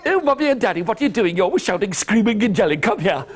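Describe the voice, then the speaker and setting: A man's voice: high-pitched, very animated, fast, background noise. A man voicing a young daughter scolding her parents, in a raised voice.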